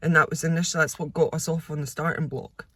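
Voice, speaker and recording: A woman's voice: sits low, fairly even intonation, fast talker, a bit bright, breathy edge, no room sound. A woman reviewing a book in a casual vlog. She talks in an effusive, emotional way with many fillers. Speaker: vlogger.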